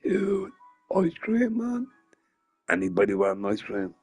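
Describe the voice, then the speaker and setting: A man's voice: high-pitched, wildly swooping pitch, unhurried, darkish tone, husky, faint music behind. A drunk man rambling and joking crudely while streaming a game. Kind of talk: casual stream chat.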